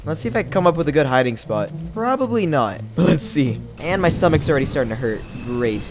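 Excitable man doing lively game commentary. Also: fast, over music. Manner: excitable, bursts into high yelps and laughs. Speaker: gaming video creator. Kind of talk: let's-play commentary. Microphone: new microphone.

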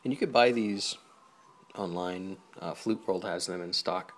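A man from Hawaii, a flutist, explaining instrument care in a relaxed, chatty home tutorial full of ums and small laughs. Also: low voice, unhurried, noisy background. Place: home apartment.

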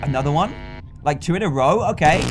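A young British man in his twenties plays through a game and comments excitably, joking and talking straight to the characters. His voice swings widely in pitch, and faint game music runs underneath. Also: a little fast. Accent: British English. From England. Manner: excitable, jokey, talks to the characters. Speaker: gaming YouTuber. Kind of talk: let's play commentary.

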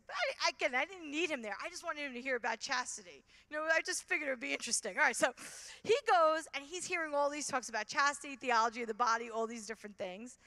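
Woman, conference talk, animated storytelling, fillers, high bright voice, big reverberant hall. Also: quick pace. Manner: animated, many fillers and restarts. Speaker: conference speaker.

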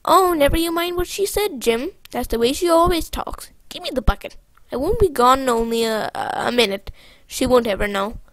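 A woman's voice: sits high, animated, normal speed, dry recording. A woman voicing an eager, scheming young boy in a storybook reading, coaxing and persuasive.

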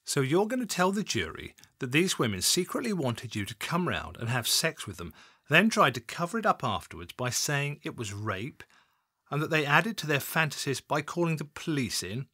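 A controlled police detective in an audiobook, as a male narrator plays him, pressing his questions in a firm, level voice. The reader's delivery still moves with lively pitch, recorded close and dry. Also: moderate pace, breathy edge, no room sound, heavily acted.

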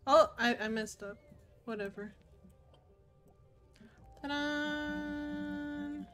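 A woman chatting playfully through a video game playthrough, talking to her viewers as she plays. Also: mid-range voice. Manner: chatty, playful, talks to chat while playing. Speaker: gaming streamer. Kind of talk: casual let's-play commentary.

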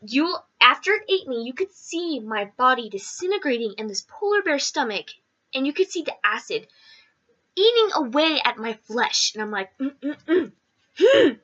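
A woman vlogger casually telling stories in a rambling, animated way, acting out the voices in them. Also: high voice, moderate pace, dull audio. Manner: animated, rambling, acts out quotes. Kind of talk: casual storytelling.

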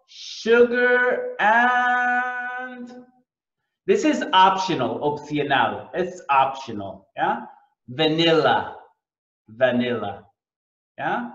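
A man with a fairly high, lively voice teaches a cooking lesson, drawing his words out very slowly and repeating each one for learners. The sound is echoey and a little dull. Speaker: English teacher.

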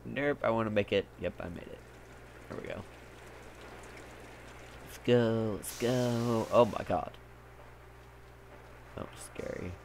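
A man's voice: fairly low pitch, unhurried, gravelly, pauses often, darkish tone, slight background noise. A young man making goofy let's-play commentary, full of silly nonsense words and sudden outbursts. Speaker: gamer.

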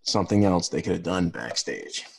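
A man's voice: sits low, animated, moderate pace, vocal fry, darkish tone, slight background noise. A man co-hosting a podcast, talking casually and rambling with lots of fillers and restarts. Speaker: podcast co-host. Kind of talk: casual chat.

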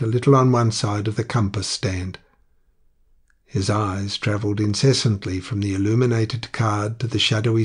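A man narrating an audiobook in a measured, even manner. His voice is low and husky.

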